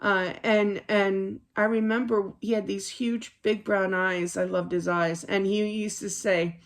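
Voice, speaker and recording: A woman's voice: mid-range voice, little pitch movement, measured pace. A woman psychic card reader giving a casual spiritual reading to camera from her home office desk, rambling and chatty, with lots of fillers and restarts.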